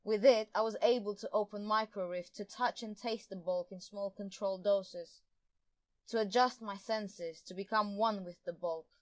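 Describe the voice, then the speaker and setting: A man's voice: high-pitched, steady tone, normal speed, no room sound, pitched above the performer's own voice, close to an everyday voice. A man voicing a gloating female Time Lord villainess who spits her words with scorn, in an audiobook reading. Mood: scornful.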